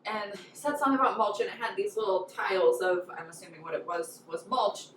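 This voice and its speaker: A woman co-hosting a casual hot wing interview at home, talking in an animated, ranting way. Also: medium pitch, fast, a little hiss or hum. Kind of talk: casual chat. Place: home room. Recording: echoey room, mic far off.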